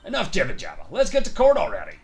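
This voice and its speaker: A man's voice: on the high side, wildly swooping pitch, fast talker, gravelly, heavily acted. A man voicing a brash, sneering puppet. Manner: sneering, brash, loud insults. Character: foul-mouthed rude male ventriloquist puppet.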